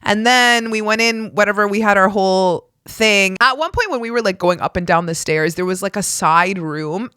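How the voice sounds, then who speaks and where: A woman's voice: medium pitch, normal speed, few pauses, sharp tone, clean tone, no echo, studio quality. A woman hosting a podcast alone, telling a personal story in a frank, profane way and acting out the lines of the people in it. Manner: frank and profane, acts out quoted dialogue. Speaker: podcast host. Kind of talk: candid solo storytelling.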